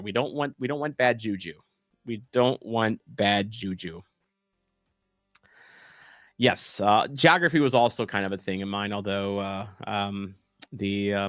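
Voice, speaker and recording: A man's voice: lowish voice, a bit bright, no echo, studio quality. A man streaming a soccer watch-along, chatting casually with chat in a rambling, self-deprecating way full of fillers and restarts. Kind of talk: casual live-stream chat reading comments.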